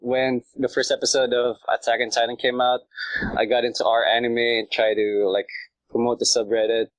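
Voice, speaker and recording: A man's voice: medium pitch, little pitch movement, moderate pace, no room sound, rough recording. A man chatting as a podcast guest, rambling with lots of fillers and laughter. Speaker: podcast guest, subreddit creator. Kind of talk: casual chat.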